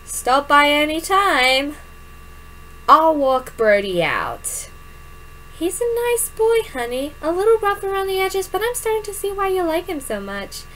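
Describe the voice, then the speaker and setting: Lady voicing a worried mom character, high and sing-song, slow, little hum. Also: very animated, pushed and bright, heavily acted, poor audio. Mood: concerned. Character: protective middle-aged mother, fussy and caring.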